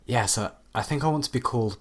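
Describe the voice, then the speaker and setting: A man's voice: mid-range voice, fast talker, background noise, lightly acted. A man playing a newly awakened male artificial intelligence who mutters sarcastic asides and fakes robot beeps in a comedy sketch. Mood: scornful. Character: newborn male AI, contemptuous of humans, faking robot beeps.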